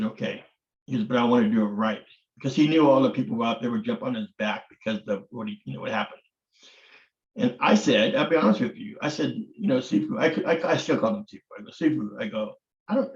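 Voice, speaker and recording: An older man, a martial arts grandmaster, answers an interviewer with long, candid stories. He talks bluntly and swears, and he acts out the voices of the people he quotes. The audio sounds roomy and dull, like a lo-fi recording. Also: medium pitch.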